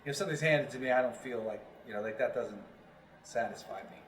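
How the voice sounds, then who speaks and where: Picked up by a far-off mic in a roomy setting with a bit of hiss or hum, this New York voiceover actor from Long Island speaks briskly in a mid-range voice. As an interview guest, he chats loosely and wanders, filling his speech with fillers.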